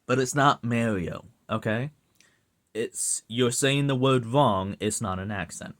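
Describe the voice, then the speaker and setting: A man's voice: mid-range voice, unhurried. A man with a Southern US accent, rambling and swearing as he rants casually to the camera for his online video. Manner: rambling, profane, laughs often. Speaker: YouTube commentator.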